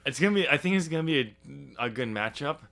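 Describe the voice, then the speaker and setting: A man's voice: a little high, expressive, fast talker, fairly bright tone. A man co-hosting a casual wrestling podcast, teasing his partner and rambling with plenty of fillers. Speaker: podcast co-host.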